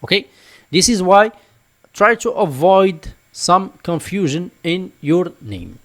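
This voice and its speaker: Guy doing a screen tutorial, kinda high voice, keeps saying for example. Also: animated, slow, fairly bright tone. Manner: explanatory, repeats "for example" and "just like this". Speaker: online tutorial instructor. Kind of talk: screen-recorded tutorial walkthrough.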